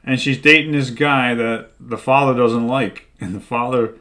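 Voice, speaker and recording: A man's voice: mid-range voice, steady tone, normal speed, bright, forceful tone. Man casually recapping comic stories. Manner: rambling storyteller, retelling plots with many "like" and "right?". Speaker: co-host.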